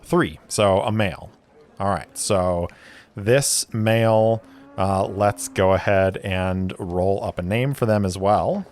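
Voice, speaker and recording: A man's voice: lowish voice, slow pace, darkish tone. A man narrating a solo tabletop game as game master, thinking aloud as he rolls.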